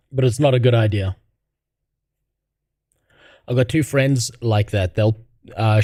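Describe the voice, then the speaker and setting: A man riffs casually on a livestream, sarcastic and quick to swear. His voice is dark and mellow, and it is recorded close with no room sound. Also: medium pitch, dry recording. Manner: blunt, profane and sarcastic. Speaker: streamer reacting to videos. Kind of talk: casual livestream reaction chat.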